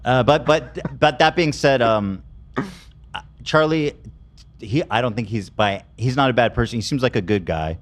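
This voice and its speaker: A man's voice: medium pitch, moderate pace. A man hosting a podcast, chatting casually and joking crudely, laughing often. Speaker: podcast host.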